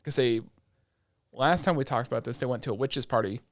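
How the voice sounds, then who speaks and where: A man's voice: medium pitch, brisk, no room sound, studio quality. A man co-hosting a podcast, recapping shows in a casual, profane way, with lots of fillers and acted-out quotes. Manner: animated storytelling that acts out quoted lines. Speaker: podcast co-host. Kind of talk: casual chat.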